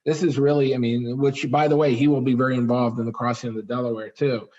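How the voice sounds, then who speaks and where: Guy telling a history story at a library talk, big pitch jumps, muffled lo-fi audio. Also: fast talker. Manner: animated storyteller, dramatic pitch swings, fillers. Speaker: author giving a library talk. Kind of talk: storytelling lecture. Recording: dull lo-fi recording.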